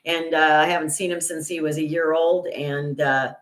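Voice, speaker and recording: An older woman chats away on her own livestream with a lower-pitched voice. She rambles through her thoughts with plenty of fillers and restarts. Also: steady tone, normal speed. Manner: indignant, gets loud and high when retelling an argument. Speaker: channel host. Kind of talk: casual livestream chat.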